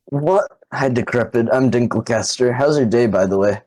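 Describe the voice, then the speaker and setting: A man's voice: medium pitch, moderate pace, a little mellow, rough recording. A sick young man co-hosting a comedy podcast, bantering and swearing casually. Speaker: podcast co-host. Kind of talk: goofy comedic podcast chat.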